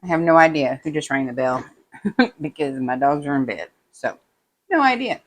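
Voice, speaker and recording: With a low voice at a normal speed, this woman rambles casually through stories as she does diamond painting at home on her vlog. She brings others' remarks to life by quoting them in an animated way.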